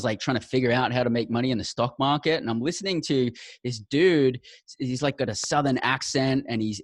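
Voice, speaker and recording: A man's voice: mid-range voice, no echo. A man hosting a podcast, talking in an enthusiastic, effusive casual way. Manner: enthusiastic, effusive, says "awesome" and "mate". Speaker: podcast host. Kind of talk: casual interview chat.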